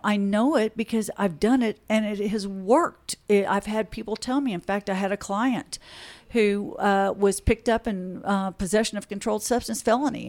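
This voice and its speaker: A woman attorney, a podcast guest, telling stories earnestly and acting out the conversations she retells. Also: medium pitch. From Texas, USA. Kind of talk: podcast interview.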